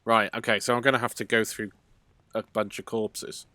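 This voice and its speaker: Bright-voiced man reasoning aloud. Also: lowish voice, flat delivery, normal speed, no echo. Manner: thinking aloud, reasoning step by step. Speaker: let's play host. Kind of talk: gameplay commentary.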